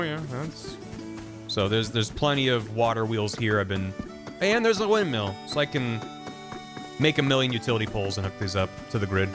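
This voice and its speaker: Man chatting through a game stream. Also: lowish voice. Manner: rambling, thinking aloud, reads game text aloud. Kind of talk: casual gameplay commentary. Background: game music.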